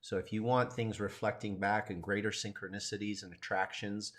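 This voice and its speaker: A man teaching a qigong lesson on a live stream, explaining calmly and guiding the listener step by step. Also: fairly low pitch, fairly quick. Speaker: qigong instructor.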